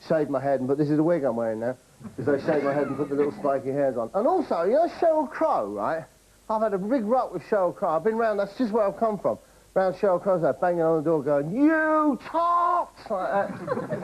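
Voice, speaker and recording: A man's voice: a little high, animated, fairly quick, noisy background. A man hosting a comedy show, delivering a rambling, boastful monologue to camera and often tagging on "right?".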